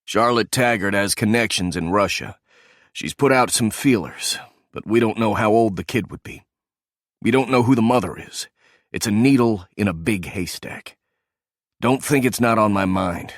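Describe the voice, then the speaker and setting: A bitter, sarcastic male ex-agent, voiced by a man, low and accusing. The sound is close and dry. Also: normal speed, no room sound, natural voice.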